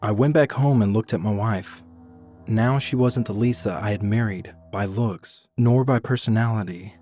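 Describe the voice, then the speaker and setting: A man giving a scripted first-person horror narration in an even, somber storytelling manner. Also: lowish voice, moderate pace, soft background music.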